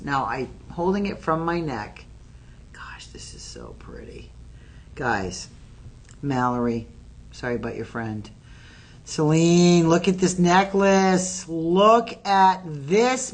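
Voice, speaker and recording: Low-voiced woman hosting a sales pitch. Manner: chatty, excitable, addresses viewers directly. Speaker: shopping channel host. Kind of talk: live-stream sales pitch. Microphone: phone.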